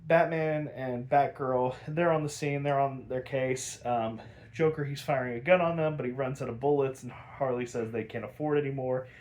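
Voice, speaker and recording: A man's voice: medium pitch, fairly even intonation, moderate pace, a little mellow. Rambling man recapping a cartoon. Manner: rambling, lots of likes and ums, laughs often. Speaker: podcast host recapping a cartoon episode. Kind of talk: casual recap chat.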